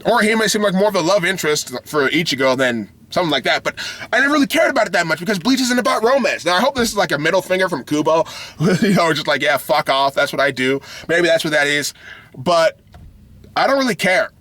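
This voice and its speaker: A man's voice: high-pitched, lively intonation, quick pace, pushed and bright. A man ranting in a vlog, heated and profane, frustrated and often laughing. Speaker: anime video creator.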